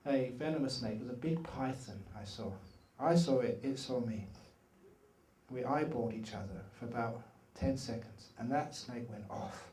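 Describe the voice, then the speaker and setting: A middle-aged man giving a dharma talk at a meditation retreat, telling animated and humorous stories. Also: medium pitch. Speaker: meditation teacher. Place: retreat hall. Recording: echoey hall, from far off.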